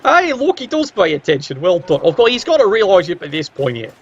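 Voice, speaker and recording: High, cheeky male commentator. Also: sing-song, a little fast, slightly rough, lo-fi sound. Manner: cheeky, sardonic asides with sudden pitch jumps. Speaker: game commentator. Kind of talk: play-by-play commentary of a video game match.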